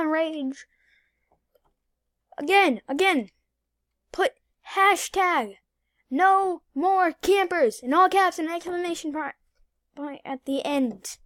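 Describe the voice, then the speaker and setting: A young woman talks over her gameplay in a high, bright voice, casual and excitable. She repeats herself when things get tense, slipping from near-whispers to loud shouts. The recording is close and dry, with no room sound. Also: extremely slow, pauses often, dry recording. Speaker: gaming YouTuber.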